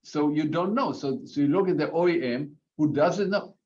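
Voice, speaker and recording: Male panelist, fairly high-pitched and emphatic, heard over dull remote audio. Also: normal speed, darkish tone. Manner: emphatic, repeats words as he builds a point. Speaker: panel guest. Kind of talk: panel discussion.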